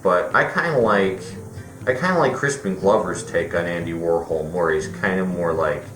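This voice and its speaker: A film reviewer with a deep voice gives a casual, rambling movie review at normal speed, full of fillers and restarts. The recording has a roomy echo with faint music.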